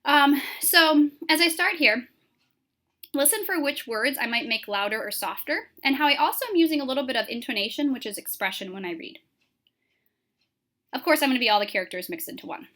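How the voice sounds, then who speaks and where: A woman teacher giving a recorded lesson to her class, explaining clearly with frequent "um" fillers. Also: high voice, lively intonation, brisk, pushed and bright.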